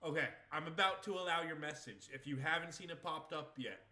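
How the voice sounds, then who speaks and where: A man's voice: fairly high pitch, fairly quick, pushed and bright. A young man from Maine, a livestream gamer chatting casually, rambling and laughing easily, his New England speech with some Southern creeping in. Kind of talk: casual chat while streaming. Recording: echoey room with faint game music.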